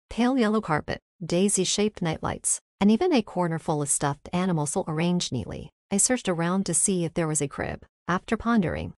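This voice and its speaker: A woman reading a first-person story aloud as narrator, in an even storytelling manner. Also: mid-range voice, no echo, clean studio sound. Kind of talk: scripted narration.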